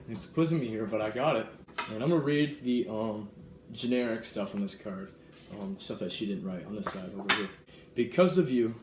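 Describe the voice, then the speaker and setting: Young male vlogger, earnest and excitable, lowish voice, echoey room with faint ambience. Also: noisy background. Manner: earnest and excitable, reads verses aloud. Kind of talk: casual vlog, reading a gift card aloud. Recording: roomy echo with faint ambience.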